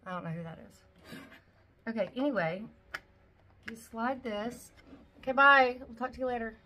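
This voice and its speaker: A woman's voice: on the high side, expressive, normal speed, pushed and bright. A woman in her forties chatting casually at home as she unboxes a shopping haul, gushing over each item. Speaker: vlogger.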